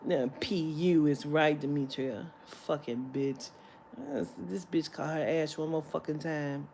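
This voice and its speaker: A woman's voice: low voice, fairly even intonation, a little slow, dark tone, slight background noise. Woman ranting through a profane story. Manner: profane, heated storytelling with laughter. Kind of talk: storytime rant.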